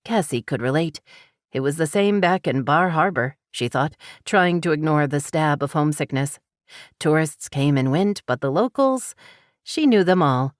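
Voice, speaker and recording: A woman narrating an audiobook in an expressive, lively reading style. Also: sits low, moderate pace, no echo, clean studio sound. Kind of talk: scripted narration.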